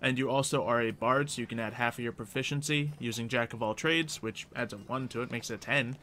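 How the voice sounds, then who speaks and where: A man's voice: mid-range voice, fairly quick, bright, forceful tone, slight background noise. A man narrating a tabletop game as game master, in a loose style full of fillers.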